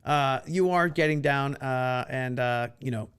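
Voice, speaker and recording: Male podcast host, casual interview chat, rambles, stumbles and repeats words, mid-pitched voice. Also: unhurried, fairly bright tone, clean tone.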